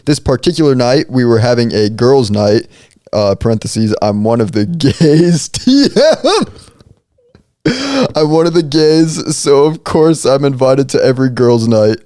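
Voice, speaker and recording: A young man co-hosting a podcast, chatting casually and reading posts aloud in a relaxed, deliberate way with hesitant restarts. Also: mid-range voice, no echo, studio quality. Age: young adult. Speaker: podcast co-host.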